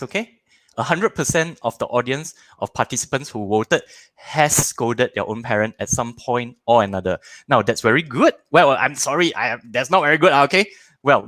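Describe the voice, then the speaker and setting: A man hosts a live parenting workshop online, walking viewers through polls with a bouncy, playful delivery. His mid-pitched voice swings up and down a great deal as he teases and encourages his audience. The recording is close and dry, with no room sound. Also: dry recording. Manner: animated and playful, jokes with the audience.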